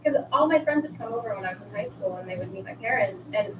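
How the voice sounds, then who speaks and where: A woman's voice: medium pitch, animated, fast talker, noisy background. A woman musician guesting on a radio show, chatting in a playful, easy way. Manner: chatty and playful, laughs easily. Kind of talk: casual radio chat. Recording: echoey, distant, dull sound with music.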